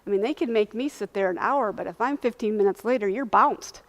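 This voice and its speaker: A woman's voice: medium pitch, a little fast. A woman speaking at a lunch talk, earnestly recounting a personal experience and acting out what people said. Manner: earnest, animated retelling, acting out quoted voices. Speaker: invited speaker sharing lived experience.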